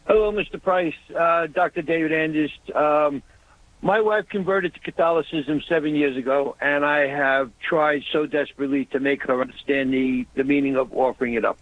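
A man's voice: fairly high pitch, steady tone, normal speed. A man calling in to a radio show, speaking earnestly with some hesitation. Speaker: caller. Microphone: telephone. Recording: tinny phone line.

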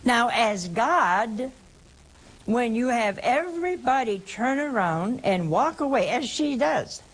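A woman's voice: on the high side, animated, slow, low-quality recording. A woman hosting a call-in show who answers a caller with emphatic religious teaching, repeating key points and quoting scripture at length.

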